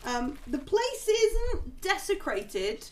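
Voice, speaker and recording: A woman's voice: extremely high pitch, very animated, slow, a little hiss or hum, low-quality recording. A woman as game master, describing the scene with many hesitant ums. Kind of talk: running a tabletop game.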